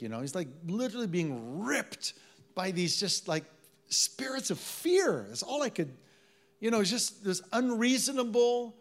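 A man preaching a sermon to a live congregation, telling stories in a conversational way and calling on the audience to respond. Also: high voice. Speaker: pastor.

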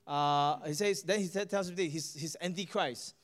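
A man's voice: on the high side, normal speed. A middle-aged man with a Singaporean English accent preaching a sermon and telling a testimony, often asking the audience "right?" and "guess what?".

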